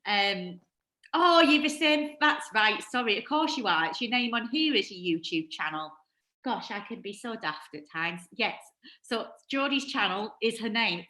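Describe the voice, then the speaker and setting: A woman's voice: mid-range voice, animated, moderate pace, pushed and bright, roomy sound, low-quality recording. A woman from Northeast England with a Northeast English accent, hosting a casual livestream chat, giggly and self-deprecating. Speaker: host.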